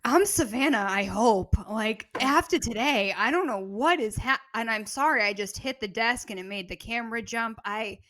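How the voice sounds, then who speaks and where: A woman's voice: fairly high pitch, fairly bright tone. A woman co-hosting a podcast in a casual, jokey way. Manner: jokey and quick to laugh. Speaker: podcast co-host. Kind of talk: casual chat.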